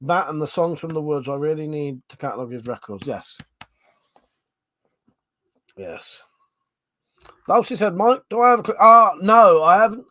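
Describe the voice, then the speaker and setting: A man's voice: on the high side, animated, moderate pace, pauses often, pushed and bright, no room sound. Laughing man hosting a livestream. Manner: laughs often, crude banter. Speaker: livestream host. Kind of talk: casual chat reading viewer comments.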